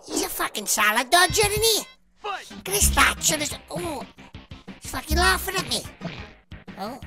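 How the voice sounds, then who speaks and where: A woman with a British accent commentating as she plays a video game, swearing constantly and shouting insults at her opponent. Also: sits high, sing-song, moderate pace, pauses often. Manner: foul-mouthed, shouting insults at the screen. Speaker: gamer. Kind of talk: let's play commentary. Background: game music.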